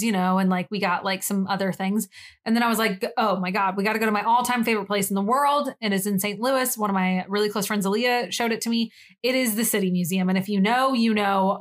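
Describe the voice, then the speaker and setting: A young woman co-hosting a podcast in casual chat, rambling and giggly, swearing casually. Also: mid-range voice. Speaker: podcast co-host.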